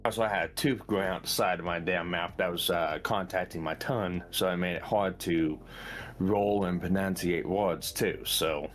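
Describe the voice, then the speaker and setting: A man with a slight lisp and slur, chatting slowly and haltingly as a guest on a live stream. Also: low-pitched, fairly even intonation, faint music behind. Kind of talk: casual chat.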